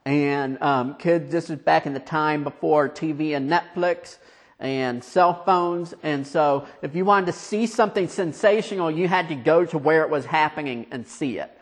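A man preaching a conversational, storytelling sermon, asking his listeners questions and dropping quiet for emphasis. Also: on the high side, normal speed.

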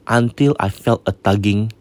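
A man with a Singaporean English accent casually retelling a ghost story, mixing in Malay and often restarting his sentences, going quiet at the eerie parts. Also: fairly low pitch, normal speed, dry recording. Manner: drops to a hush for eerie parts.

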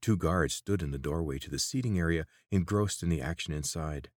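A man narrating a fantasy audiobook in a steady, measured way. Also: low voice, no echo, studio quality. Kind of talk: scripted narration.

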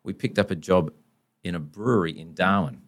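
A very deep-voiced Australian man spinning blunt, down-to-earth anecdotes. He talks in a casual, colloquial way as a podcast guest. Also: brisk. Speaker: company founder, guest. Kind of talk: casual storytelling.

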